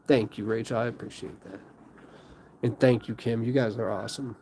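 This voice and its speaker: A man's voice: medium pitch, steady tone, moderate pace, a little mellow, a little hiss or hum. Rambling man hosting a live stream. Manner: rambling, many fillers like "like". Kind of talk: casual live-stream chat.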